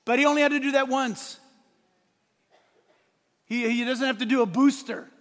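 High-pitched emphatic pastor in a reverberant church. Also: male voice, fairly even intonation, normal speed. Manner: emphatic, swings from hushed to shouting, laughs at his own points. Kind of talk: sermon. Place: church sanctuary. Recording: long hall reverb.

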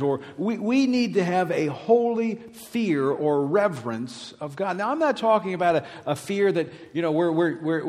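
A middle-aged pastor from Louisiana, preaching emphatically and swinging from loud declarations to hushed words. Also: male voice, medium pitch. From Louisiana, USA. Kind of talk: sermon. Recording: reverberant hall.

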